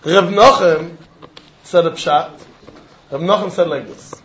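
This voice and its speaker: A high-pitched man gives a Talmud lecture, arguing the text in an animated, probing way. He drills his listeners with pointed questions. The recording sounds dull and lo-fi. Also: measured pace. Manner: animated, argumentative, mixing Yiddish and Hebrew terms into English; asks students pointed questions. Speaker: Talmud teacher.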